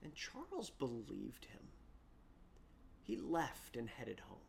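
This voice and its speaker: A preacher telling a story in a sermon, repeating words as they restart sentences and swinging from loud bursts down to hushed whispers. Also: medium pitch, wildly swooping pitch, slow, gravelly, slight background noise. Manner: frequent repeated word restarts.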